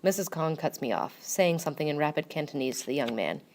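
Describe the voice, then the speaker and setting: A woman narrates a first-person story with a low, steady voice. Her telling is measured and quietly wry.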